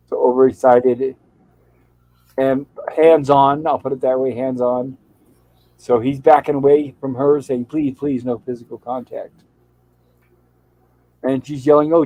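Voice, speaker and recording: The host's medium-pitched, mellow voice comes through poor audio with no echo. Recapping an old TV episode on his casual show, he reads its lines aloud in an easygoing, chatty way.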